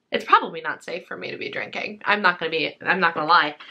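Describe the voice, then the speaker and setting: Bright, chatty young woman vlogging. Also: medium pitch, a little fast, few pauses. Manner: chatty and upbeat, lots of fillers. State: slightly out of breath. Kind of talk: casual vlog chat.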